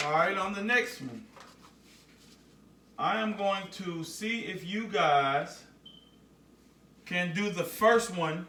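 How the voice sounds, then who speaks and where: Casting: high-voiced male teacher, very slow and patient, leads children through repeated words, echoey room. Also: sharp tone, recorded from a distance. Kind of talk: phonics lesson for young children.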